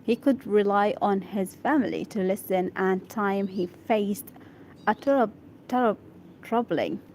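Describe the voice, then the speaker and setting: An Arabic-speaking woman practicing English reads an article aloud slowly, halting at difficult words to sound them out, repeat them and confirm her pronunciation. Her voice is medium-pitched and darkish, and there's a bit of background noise.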